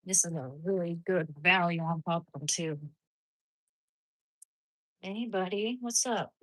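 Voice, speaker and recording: A woman's voice: mid-range voice, fairly bright tone, dry recording. Chatty woman live-streaming, dry close sound. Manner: rambling and chatty, trailing off and restarting; coos in baby talk to her dog. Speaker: livestreamer chatting with viewers. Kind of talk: casual live-stream chat.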